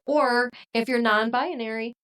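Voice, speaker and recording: A woman co-hosting a podcast, talking in casual discussion and making her points in a measured, deliberate way. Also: on the high side, steady tone, a bit bright, smooth, poor audio. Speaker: podcast co-host.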